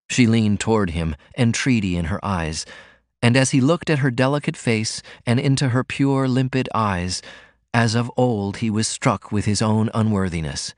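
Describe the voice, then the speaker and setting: A man narrating a novel aloud in an expressive, scripted reading. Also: deep voice, normal speed, no echo, studio quality. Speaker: audiobook narrator.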